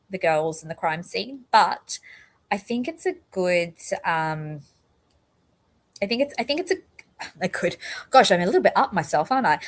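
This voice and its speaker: A chatty woman with an Australian accent that leans slightly British hosts a casual livestream from home. She rambles along in a friendly, relaxed way and now and then trips over her words. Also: lowish voice. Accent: Australian with a slight British touch. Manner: chatty, rambling, gets tongue-tied. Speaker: livestream host.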